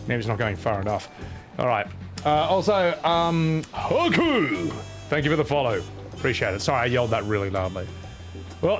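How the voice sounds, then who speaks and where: A man's voice: mid-range voice, fairly bright tone. Crude joking male game streamer. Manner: crude, joking, self-mocking. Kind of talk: live-stream commentary over gameplay.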